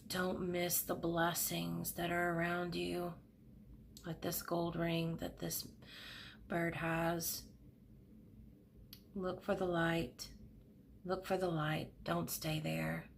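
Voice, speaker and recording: Slow, gentle, gravelly-voiced woman reader. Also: on the low side, monotone, slight background noise. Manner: gentle, emotional, soothing, speaks slowly with soft pauses. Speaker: tarot card reader. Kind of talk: pick-a-card tarot reading. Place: home room at a desk.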